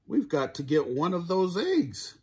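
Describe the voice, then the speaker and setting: An older man voicing a greedy, excited horse in a storybook, with a husky voice. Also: high voice, a little slow, voice pushed up, full character voice. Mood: eager.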